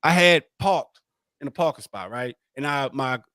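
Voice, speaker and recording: Podcast co-host, man, dry close sound, lively pitch, swears casually. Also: moderate pace, no echo. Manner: loose, profane anecdote-telling. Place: podcast studio.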